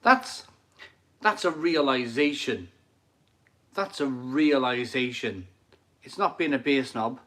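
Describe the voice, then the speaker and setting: A man's voice: medium pitch, lively intonation, takes it slowly, pauses often, bright, forceful tone. A middle-aged man casually chatting on a live stream from his home kitchen, enthusiastic and rambling, repeating his phrases as he reads out viewer comments.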